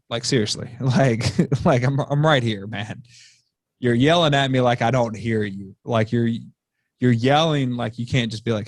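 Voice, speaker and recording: A man, a high school football coach, talking bluntly and swearing freely as a podcast guest over a remote call. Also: a little fast, no room sound, studio quality. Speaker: football offensive coordinator, guest. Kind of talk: casual podcast chat.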